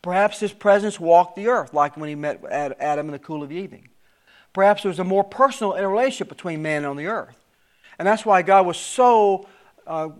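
A preacher, a man with a slightly high voice, guides a Bible study verse by verse. He reads the scripture with rising emphasis, then settles into plain explanation, frequently restarting and repeating himself.

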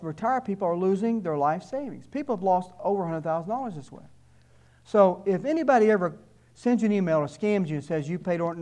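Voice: mid-range voice, a little mellow. Conversational speaker with wry asides. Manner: conversational, repeats words when starting sentences, wry asides. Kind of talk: informal warning talk with anecdotes.

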